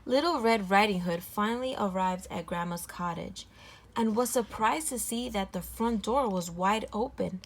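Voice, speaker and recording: A woman reading a children's storybook aloud, clear, gentle and even. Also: mid-range voice, moderate pace. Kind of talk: read-aloud storybook narration.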